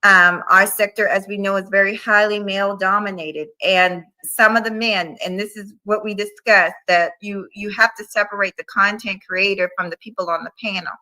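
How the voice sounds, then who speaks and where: A woman's voice: medium pitch, fairly even intonation, moderate pace, few pauses, sharp tone, rough recording. A woman hosting a livestream interview in casual chat, talking to her viewers as y'all. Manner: chatty, addresses viewers as y'all. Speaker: livestream host.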